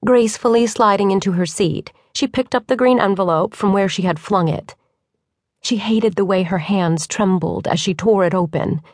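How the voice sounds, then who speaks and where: In scripted audiobook narration, a woman with a voice on the low side tells the story evenly and with measured pacing. The sound is studio quality, free of room noise.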